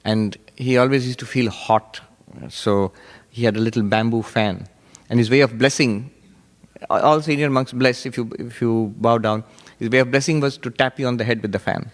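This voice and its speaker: A monk teaching in a reverberant hall. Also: male voice, mid-range voice, normal speed. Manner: animated storytelling, often laughing. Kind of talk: sermon.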